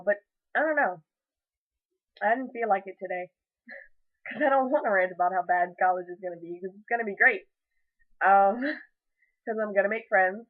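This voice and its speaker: A young woman speaks to her camera at home in a loose, heartfelt ramble, stopping and restarting often. Her voice sits at an ordinary middle pitch. The sound is thin and tinny, as if it were coming down a phone line. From United States. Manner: emotional, rambling, many fillers and restarts. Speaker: vlogger. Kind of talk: casual reflective vlog. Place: at home, indoors.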